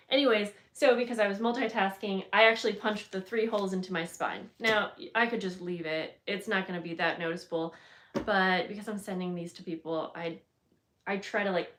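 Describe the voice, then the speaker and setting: A woman's voice: lowish voice, fairly bright tone. A woman hosting a live bookbinding stream, chatting casually and greeting viewers by name while she works, often thinking aloud and losing track of her steps. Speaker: bookbinding crafter hosting a livestream. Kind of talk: casual chat while working on a craft.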